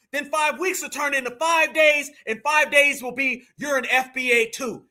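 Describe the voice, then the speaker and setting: A man from the United States hosting a live commentary show, ranting in a loud, mocking way and often shouting. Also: extremely high pitch.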